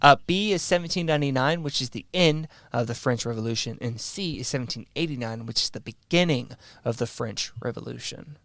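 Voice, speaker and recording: A man's voice: mid-range voice, brisk, gravelly, few pauses, a bit bright, no echo, studio quality. A man co-hosting a podcast in a laid-back, casual chat, swearing now and then and running a trivia quiz. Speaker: podcast co-host.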